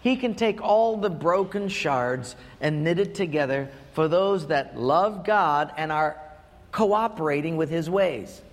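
A man preaching a sermon as pastor, telling stories in an emphatic, animated way. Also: on the high side, unhurried, big-room sound. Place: church.

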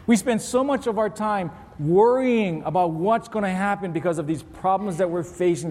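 Male pastor, higher-pitched, animated sermon, large church with long reverb. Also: slight background noise. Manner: animated preaching, acting out pleading voices with big pitch leaps.

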